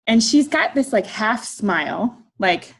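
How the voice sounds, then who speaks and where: A middle-aged woman artist giving a humorous talk, telling a personal story to an audience in a lively, self-deprecating way and acting out the people in it. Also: fairly high pitch, unhurried.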